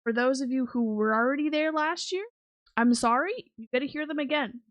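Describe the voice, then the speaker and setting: A woman's voice: sits high, a little fast, highs cut off. A woman hosting a livestream in casual chat. She rambles with lots of fillers and giggles from her home streaming setup. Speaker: livestream host.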